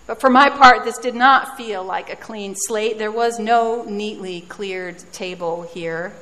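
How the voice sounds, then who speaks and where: A woman's voice: mid-range voice, takes it slowly, sharp tone. A woman preaching a sermon, telling a personal story in a reflective, self-deprecating way. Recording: reverberant hall.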